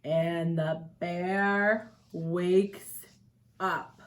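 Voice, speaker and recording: Slow expressive woman reading to kids. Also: fairly low pitch, a little hiss or hum. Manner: expressive, asks the children questions. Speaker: teacher. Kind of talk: picture book read-aloud for children.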